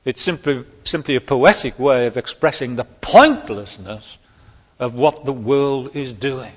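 A man's voice: medium pitch, a little slow. A man preaching a sermon on a psalm, stressing key words emphatically and rising sharply on them. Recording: long hall reverb, dull lo-fi sound.

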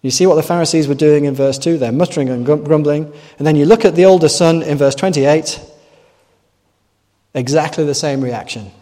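Earnest guy preaching a sermon, mellow tone, big echoey church hall. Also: a little high, a little fast. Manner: earnest, asks rhetorical tag questions. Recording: long echoing hall reverb.

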